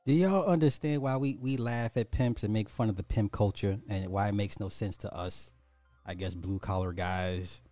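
A man's voice: moderate pace, music in the background. A man hosting a commentary podcast, reacting to a clip with incredulous mockery. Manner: incredulous, swinging wildly in pitch, mocking. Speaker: podcast host.

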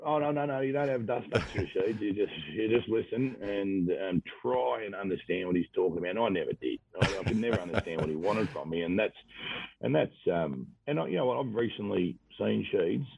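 A man's voice: on the low side, expressive, a little fast, creaky, a crowd in the background. A man from Western Australia with an Australian accent, a former footballer telling rambling, laughing anecdotes as an interview guest. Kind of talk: casual storytelling interview. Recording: tinny phone-like radio sound, dry.

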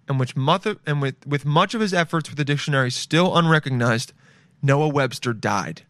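Young man, comedic rambling riff, crude and sweary, slightly high voice, dry close sound. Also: fairly bright tone, dry recording. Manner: crude, swearing, bursts into goofy bits. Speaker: comedic commentator.

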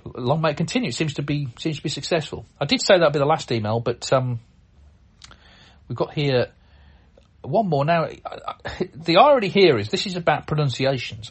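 A man's voice: fairly high pitch, sing-song, normal speed, slightly rough. A man hosting a podcast on his own, talking casually, with plenty of fillers and restarts as he rambles through listener emails. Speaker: podcast host. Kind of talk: casual solo podcast talk.

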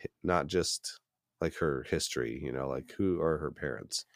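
A man co-hosting a podcast in relaxed, joking casual chat, often trailing off quietly. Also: very deep voice, moderate pace, no room sound, studio quality. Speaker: podcast co-host.

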